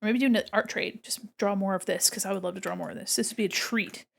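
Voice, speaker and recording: A woman's voice: medium pitch, fairly even intonation, fast, gravelly. A woman art streamer chatting casually with her viewers while she draws, thinking aloud as she goes, in a room at home beside a window. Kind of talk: casual chat while drawing.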